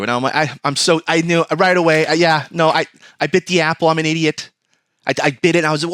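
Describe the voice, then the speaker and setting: A man's voice: a little high, fast talker, a bit bright, no echo. A man hosting a podcast, telling a rambling, profane, self-mocking comic story on a close mic. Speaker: podcast host. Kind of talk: comedic storytelling.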